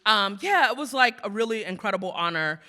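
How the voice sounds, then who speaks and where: Very bright-voiced woman poet reading live. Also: mid-range voice, expressive, fairly quick. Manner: playful, self-teasing asides; rhythmic, building spoken-word delivery. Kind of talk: live poetry reading with banter. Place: museum event before an audience.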